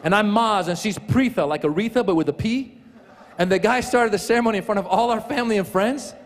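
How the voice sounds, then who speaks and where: A man doing a stand-up comedy set at a live show, talking in an animated way and jumping into shouted voices. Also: sits high, fast talker. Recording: live hall with crowd and noise.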